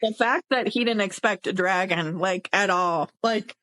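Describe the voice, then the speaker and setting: A woman's voice: medium pitch, measured pace, a bit bright, dry recording, low-quality recording. A woman with a Southern American accent co-hosting a casual podcast, enthusiastic and stumbling over names as she talks. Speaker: podcast co-host. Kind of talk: casual chat.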